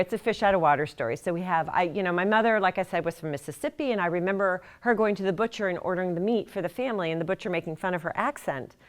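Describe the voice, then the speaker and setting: A middle-aged woman author giving a casual, chatty talk to a library audience, self-deprecating and laughing at her own jokes. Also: fairly low pitch. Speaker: author speaking at a library event.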